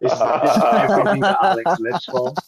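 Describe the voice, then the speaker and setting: A man's voice: a little high, lively intonation, fast, breathy edge. A man in a casual chat, rambling and hesitant with lots of fillers. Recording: dull lo-fi audio.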